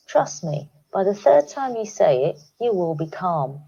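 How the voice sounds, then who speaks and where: A woman speaking calmly to teachers, guiding them through reflective questions in a recorded online talk. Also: on the low side, a little slow, vocal fry, few pauses, slightly rough, highs cut off. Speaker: education speaker. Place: home, recorded remotely.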